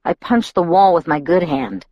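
A woman's voice: fairly low pitch, animated, normal speed, dry recording, lo-fi sound. A woman reading a novel aloud in the first person, reflective and inward. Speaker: audiobook narrator.

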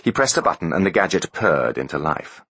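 A man narrating a story aloud in a scripted, expressive storytelling manner. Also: low voice, brisk, breathy edge, no echo. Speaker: audiobook narrator.

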